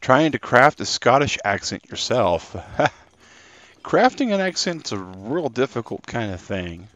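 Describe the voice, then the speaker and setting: A man's voice: mid-range voice, big pitch swings, slow, fairly bright tone, lo-fi sound. A man live-streaming a game, chatting and rambling casually to his viewers. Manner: chatty and rambling, talking to chat.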